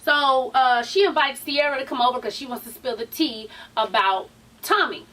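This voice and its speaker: Sassy high-voiced woman gossiping. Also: moderate pace, sharp tone. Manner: sassy, chatty, swears freely, calls viewers honey and child. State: tired. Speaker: vlogger recapping a reality show. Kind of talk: casual gossip recap. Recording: voice somewhat far from the mic.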